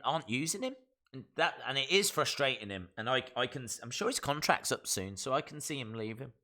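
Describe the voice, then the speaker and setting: A man with a Black Country English accent hosts a wrestling live stream in loose, chatty talk. His voice sits in an ordinary middle pitch but has a bright, forward edge, and his opinions are full of fillers. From West Midlands, England. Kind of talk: casual live-stream chat, reading viewer comments.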